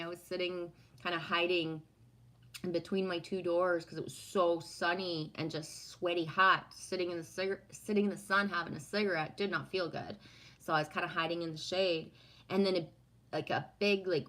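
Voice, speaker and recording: A woman with a fairly low voice chats loosely with her livestream viewers and reads their messages aloud. She rambles from one story to the next and swears freely along the way. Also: sharp tone. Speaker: livestream host reading chat. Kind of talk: casual chat.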